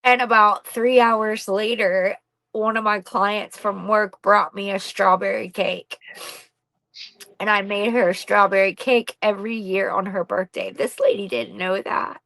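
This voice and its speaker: A middle-aged woman speaks candidly about her own life, blunt and unfiltered, with casual swearing. Her voice sits at an ordinary pitch and is captured dry, with no room sound around it. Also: fairly even intonation, unhurried, gravelly, fairly bright tone, dry recording, rough recording. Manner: blunt and raw, swears freely. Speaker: podcast guest, bereaved mother. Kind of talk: candid personal storytelling.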